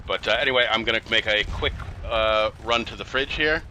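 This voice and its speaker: A man's voice: on the low side, fairly quick, sharp tone, slight background noise, rough recording. A man giving casual, chatty commentary on a strategy game he is playing, with exasperated, sarcastic asides. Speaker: gameplay commentator.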